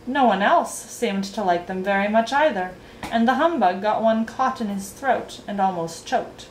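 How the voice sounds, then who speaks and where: A woman reading a children's novel aloud in an expressive storytelling voice. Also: medium pitch, moderate pace, slight background noise. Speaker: reader. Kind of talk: storybook read-aloud narration. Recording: roomy echo, faint ambience.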